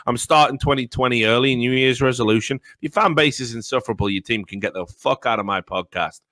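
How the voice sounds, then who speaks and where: A man's voice: medium pitch, fast, bright, forceful tone. A man hosting a podcast over a call, blunt and emphatic, stammering into profane rants. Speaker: podcast host. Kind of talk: casual profane podcast rant. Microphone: remote call mic.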